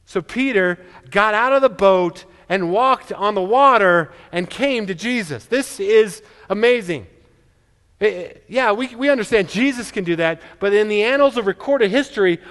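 A man's voice: high voice, fairly bright tone. A man preaching a sermon as pastor, earnest, with frequent stammered restarts. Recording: long reverb of a large hall.

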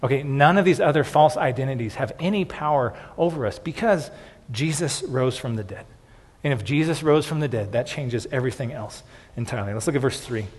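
A man's voice: medium pitch, expressive, fairly quick, husky, big-room sound. A man preaching a sermon as pastor, earnest and repetitive, often restarting words and saying "okay" between points.

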